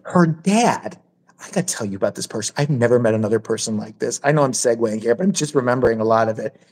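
Animated, foul-mouthed woman telling stories. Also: a bass voice, quick pace. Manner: crude, blunt and animated, swears freely. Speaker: podcast host. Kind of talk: casual storytelling chat.

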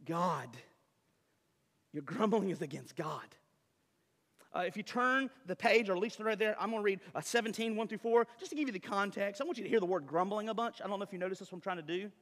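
A man preaches with animated energy, tossing rhetorical questions to his listeners. His voice sits high and bright. It carries a long reverb, as in a large church hall. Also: fast talker, few pauses. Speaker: pastor. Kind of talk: sermon.

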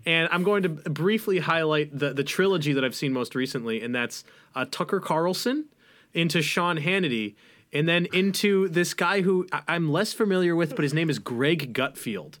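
A young man chats on a podcast in a loose, rambling way, worked up and mocking as he goes. His voice sits a little high for a man. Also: moderate pace. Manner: animated, rambling, mocking impressions. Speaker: podcast co-host. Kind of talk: casual podcast chat.

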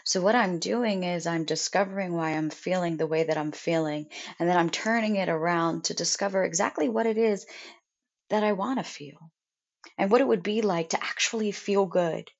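Woman, low-pitched, earnest, deliberate, self-help monologue, muffled lo-fi recording. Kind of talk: reflective monologue on gratitude. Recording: dull lo-fi sound.

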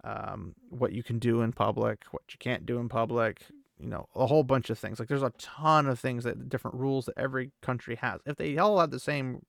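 A man's voice: medium pitch, fairly even intonation, a little fast, gravelly, no room sound, studio quality. A man hosting a podcast and recapping a book chapter in a chatty, casual way full of fillers and asides. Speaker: podcast host.

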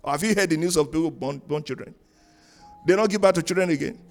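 A high-voiced man delivers a church sermon with emphatic preaching. He rises into loud, sung-out phrases and drops to low, quiet asides. Faint music sits behind him. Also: fast. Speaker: pastor. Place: church in Canada.

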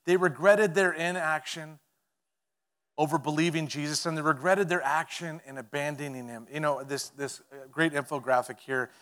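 A man preaching a sermon as pastor, telling the story in an animated way, joking with the congregation and swinging from loud to hushed. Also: on the high side, normal speed. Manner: conversational and playful with the congregation.

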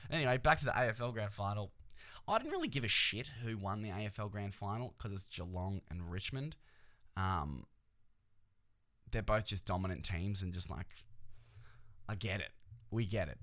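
An Australian man with a lowish voice, talking casually on his own podcast. He rambles and swears a lot, and he keeps throwing jokey asides at the listener. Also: a bit bright. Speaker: podcast host. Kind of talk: casual solo podcast chat.

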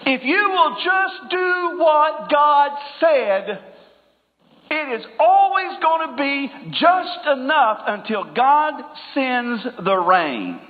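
A calm prophet politely and gently urges a stranger to trust him, voiced by a male preacher. The voice is high, and it comes with a church hall's echo through a thin, phone-like line. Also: takes it slowly, heavily acted. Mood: reassuring. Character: prophet, grown man, calm and reassuring.

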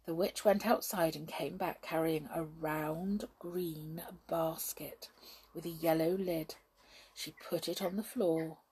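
A woman reading a children's story aloud, expressive with hushed asides. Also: sits low, slow pace, slightly rough, poor audio.

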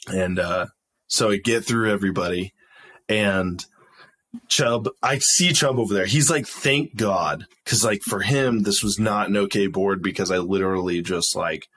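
A man's voice: sits low, unhurried, fairly bright tone, breathy edge. A young man casually telling a profane, laughing story as a podcast guest.

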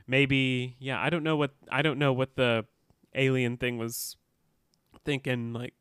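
A man's voice: mid-range voice, little pitch movement, measured pace, fairly bright tone, clean tone, no echo, studio quality. A man co-hosting a podcast, casually recapping an episode, laughing often and quoting characters. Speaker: podcast co-host.

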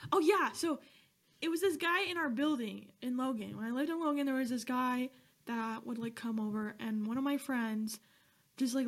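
Giggly young woman hosting a podcast. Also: a little high. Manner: giggly, rambling, laughs often. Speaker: podcast host. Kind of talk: casual chat.

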